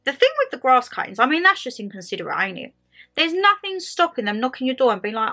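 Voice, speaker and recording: A woman's voice: high voice, quick pace. A woman hosting a casual chat video, ranting animatedly and acting out what people say. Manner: animated storyteller, acts out quotes, laughs often. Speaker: vlog host. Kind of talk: casual chatty rant. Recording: faint music underneath.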